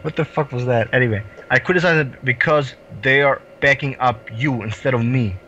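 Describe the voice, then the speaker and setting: A man's voice: mid-range voice, brisk, pushed and bright, muffled recording, a little hiss or hum. A man arguing in an online voice chat, defensive and exasperated. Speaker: guest. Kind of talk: heated voice chat argument.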